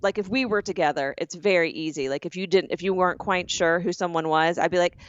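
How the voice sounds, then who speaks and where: A woman from the southern United States co-hosting a podcast, loud and chatty in casual conversation. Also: on the low side, no room sound. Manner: loud, chatty, quick to react. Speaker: podcast co-host. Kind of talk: casual chat. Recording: slightly dull dry sound.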